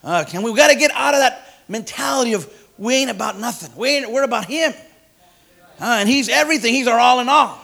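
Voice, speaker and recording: Preaching with a bright, forceful, high-pitched voice that's also gravelly, this man talks in a folksy style. He stumbles on fillers and repeated words at a fairly quick clip, then rises to loud, emphatic points.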